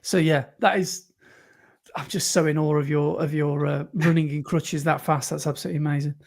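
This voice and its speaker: A man's voice: fairly high pitch, steady tone, brisk, creaky, a little mellow. A man, co-hosting a podcast, chatty and encouraging as he reads out listener emails. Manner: chatty and encouraging, rattling through messages. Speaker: podcast co-host. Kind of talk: casual chat, reading listener emails.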